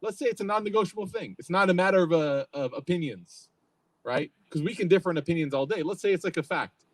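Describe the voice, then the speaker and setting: A man's voice: high-pitched, expressive, quick pace, no room sound, rough recording. A young man giving a casual religious talk, telling stories conversationally and acting out the quotes. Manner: conversational storytelling, acts out quotes. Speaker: youth program speaker.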